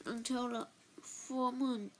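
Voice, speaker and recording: A woman with a Chinese accent repeating each line of a story after a reader to practice her English, quiet and careful, with small slips. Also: on the high side, fairly even intonation, takes it slowly. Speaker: English learner. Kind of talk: shadowing reading practice.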